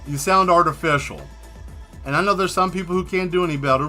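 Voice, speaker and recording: A man's voice: high-pitched, fast talker, pushed and bright, faint music behind. A man hosting a casual livestream while he draws, joking and rambling straight to his viewers. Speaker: livestream host painting and answering chat.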